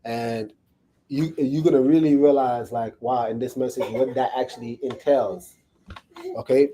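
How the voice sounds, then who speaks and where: A man's voice: mid-range voice, steady tone, unhurried, mellow, slight background noise. A man teaching from the Bible to a small group in a room, talking casually and checking in with them often. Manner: casual, checks in with listeners, keeps asking "right?". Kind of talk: conversational sermon to a live group.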